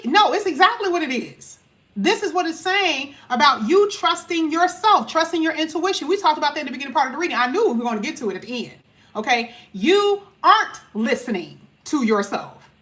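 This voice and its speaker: A woman's voice: high-pitched, a bit bright. A woman giving a casual, chatty tarot reading to her viewers, emphatic and full of casual slang. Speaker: tarot reader.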